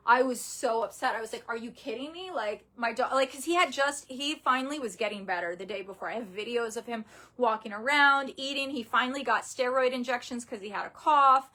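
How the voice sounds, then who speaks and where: A young woman with a slightly high voice talks through a painful story, grieving and near tears. She stops and restarts often, her words halting and upset. It sounds like a raw personal vlog. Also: bright, forceful tone. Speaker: vlogger.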